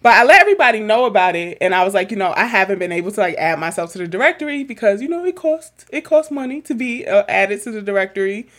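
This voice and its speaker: A young woman and therapist chatting casually as podcast co-host, animated, laughing often and swearing casually. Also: mid-range voice, quick pace, hardly any pauses.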